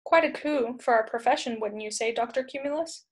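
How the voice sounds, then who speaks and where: A woman's voice: fairly high pitch, fairly quick, close to an everyday voice. A woman voicing an eager, self-important male analyst professor in a storybook reading.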